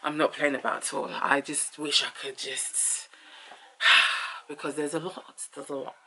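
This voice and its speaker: Lively woman vlogger, bright voice. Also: low-pitched, a little slow, husky. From Ghana. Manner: animated, drifts into whispers and singing. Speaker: host. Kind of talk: casual vlog chat.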